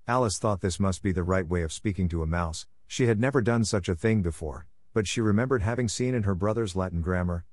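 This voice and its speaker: A man narrating a classic storybook in a steady, clear reading. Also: low voice, fast, hardly any pauses, no echo, clean studio sound. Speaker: audiobook narrator. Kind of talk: scripted narration.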